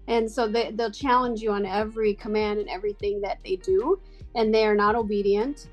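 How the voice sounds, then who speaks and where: A woman talking in a casual chat, chatty and animated with lots of fillers. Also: mid-range voice, fairly quick, faint music behind.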